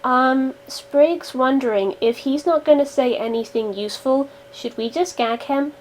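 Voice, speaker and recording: A woman's voice: high-pitched, a little slow, a little mellow, a little hiss or hum, poor audio. A woman playing a tabletop role-playing game, casually narrating her character's actions. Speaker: player.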